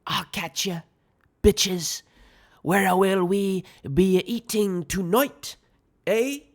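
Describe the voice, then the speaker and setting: A man reading a young woman's lines in an audio screenplay, talking down to her boyfriend in a soft, condescending voice. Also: a little high, very animated, brisk, voice pushed up. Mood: mock-British teasing. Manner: condescending, mock British accent at times.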